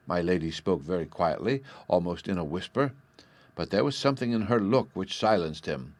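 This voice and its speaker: Low-voiced man narrating calmly. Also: normal speed, no echo. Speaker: audiobook narrator. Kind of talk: scripted narration.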